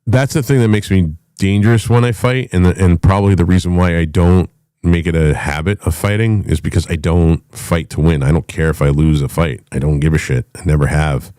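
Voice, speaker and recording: A man's voice: low-pitched, brisk, warm tone, no room sound. A man from the United States ranting in a blunt, combative way, with a lot of swearing. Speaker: podcast host. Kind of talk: unscripted rant.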